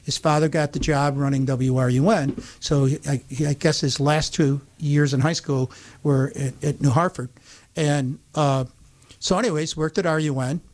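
An older man with an upstate New York accent spins a long, chatty anecdote. His voice sits a little high, and he jumps into the voices of the people in his story as he goes. It sounds like a relaxed radio host among friends. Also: normal speed. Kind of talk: casual storytelling chat.

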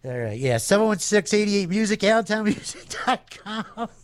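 A man's voice: sing-song, moderate pace, dry recording. Goofy, wisecracking male radio DJ. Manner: goofy, jokey, swoops into silly high voices. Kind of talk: playful live radio patter. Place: radio studio, alone. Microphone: studio microphone.

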